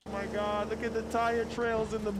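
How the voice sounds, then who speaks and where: A man's voice: high voice, level tone, moderate pace. A man reacting emotionally to a game, gushing and repeating "bro" as he reminisces. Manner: gushing, keeps saying "bro". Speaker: nostalgic gamer in a played clip. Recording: noisy clip played back.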